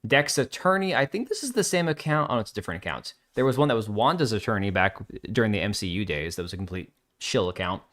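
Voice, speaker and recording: A man's voice: on the low side, lively intonation, quick pace, hardly any pauses, a bit bright. A man hosting a live show, reading viewer comments aloud and reacting with blunt, sarcastic casual commentary. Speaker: livestream host.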